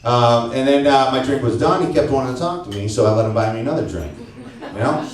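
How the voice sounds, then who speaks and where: A man's voice: mid-range voice, quick pace, distant mic. A man from St. Louis doing a brash, profane stand-up set, teasing people in the crowd. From St. Louis, Missouri. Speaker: stand-up comedian. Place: comedy club stage before a laughing crowd. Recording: echoey club recording, mic heard from afar.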